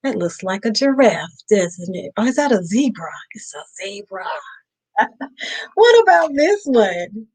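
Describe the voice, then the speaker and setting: A woman's voice: a little high, very animated, normal speed, darkish tone, slightly rough, poor audio. A woman host reading a picture book aloud to children on a live stream, playfully stopping to ask them questions.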